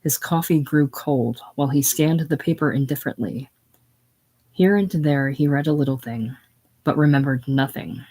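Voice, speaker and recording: An audiobook reader narrating a classic novel in a measured, even way. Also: mid-range voice.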